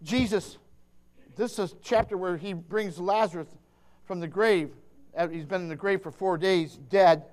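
Fiery high-voiced male preacher. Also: moderate pace. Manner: impassioned, emphatic, swings between hushed and shouting, calls out to listeners; stammering restarts. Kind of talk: fervent sermon.

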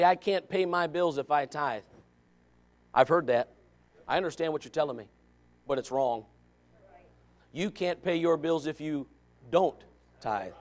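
A man gives a sermon as associate pastor, his voice sitting high for a man. He is folksy and quick to joke. He drops into low, quiet asides, then climbs to loud, shouted calls to his listeners. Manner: folksy, joking, with sudden dramatic emphasis.

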